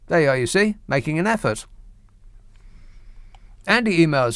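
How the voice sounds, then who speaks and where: A man's voice: fairly high pitch, lively intonation, moderate pace, pauses often, no echo, studio quality. A middle-aged man hosting a late-night radio phone-in, reading listener emails and going off on wry, mock-indignant rants full of hesitant restarts. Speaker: radio talk show host. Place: radio studio. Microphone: studio microphone.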